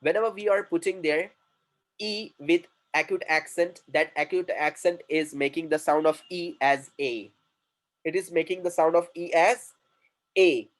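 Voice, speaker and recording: A communication trainer with an Indian English accent teaches a class, writing on the board while repeating words and quizzing the students in a drilling style. His voice is on the high side and his pace moderate, though the recording is rough.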